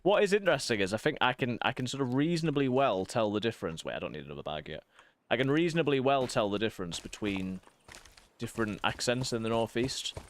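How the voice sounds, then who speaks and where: A man in his thirties with a softened northeast English accent, chatting casually while streaming a game and rambling through quick asides. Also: medium pitch, lively intonation. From northeast England. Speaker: streamer and vicar. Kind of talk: casual gaming stream chat.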